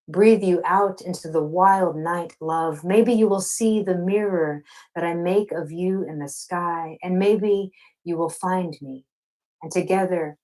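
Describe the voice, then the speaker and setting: Poet, woman, lowish voice; playful asides, slow rhythmic poem reading over video call. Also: low-quality recording. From Arkansas, USA. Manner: warm, playful talk between poems; slow, rhythmic poetry delivery. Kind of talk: poetry reading.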